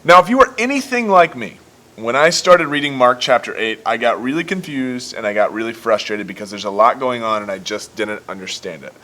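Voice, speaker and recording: A young man hosts a casual livestream Bible lesson in a middle-pitched voice. He talks in an excitable, jokey way and drops into quick voiced asides as he retells each story. The delivery is informal and upbeat. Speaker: youth ministry host.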